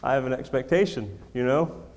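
A man's voice: mid-range voice, brisk, a little mellow. A man preaching a sermon to his congregation into a microphone, emphatic, repeating key lines, with self-deprecating humor. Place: church sanctuary. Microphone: handheld or stand microphone. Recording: long hall reverb.

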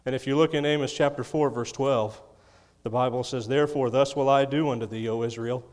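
A man's voice: medium pitch, steady tone, a little fast, a little mellow, long reverb tail. A man preaching a sermon, reading scripture and adding folksy, chuckling asides. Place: church.

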